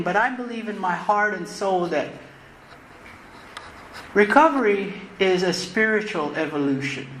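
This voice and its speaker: A woman giving a personal recovery talk as closing speaker at a convention, earnest and reflective, often repeating phrases and restarting her sentences. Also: medium pitch. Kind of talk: personal recovery share, spoken from the podium. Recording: roomy live talk recording with faint noise.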